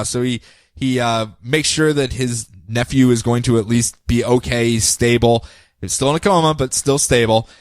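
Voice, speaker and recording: A man co-hosting a podcast, casually recapping comic book stories in a jokey, animated way and dropping into silly voices. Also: medium pitch, moderate pace, no echo. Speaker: podcast co-host.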